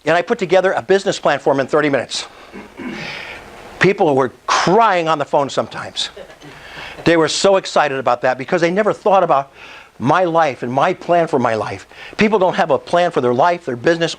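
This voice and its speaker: A man giving a live sales presentation at an investors' meetup, excitable and pushy, often asking the room if it's cool. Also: fairly high pitch, brisk, poor audio.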